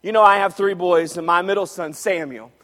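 A man with a strikingly high voice preaches to his church, telling a story and swinging from loud bursts to near-whispers. His voice rings out with the long reverb of a large hall. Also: steady tone, a little fast. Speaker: pastor. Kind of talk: sermon.

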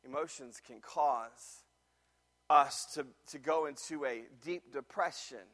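A middle-aged man, preaching a sermon and telling a personal story, animated and full of restarts. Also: a little high, slow. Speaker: pastor.

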